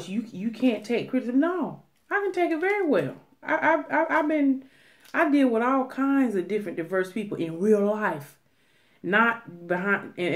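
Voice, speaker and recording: A middle-aged woman, talking casually to camera on an eating channel, emphatic and preachy with many restarts. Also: medium pitch. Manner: emphatic, preachy, drawn-out phrases with repeated restarts. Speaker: mukbang vlogger.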